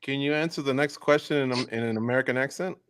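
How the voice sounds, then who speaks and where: A man's voice: mid-range voice, quick pace, fairly bright tone, clean tone, no room sound, clean studio sound. A man hosting a radio show, asking a guest rambling, joking questions in a casual interview.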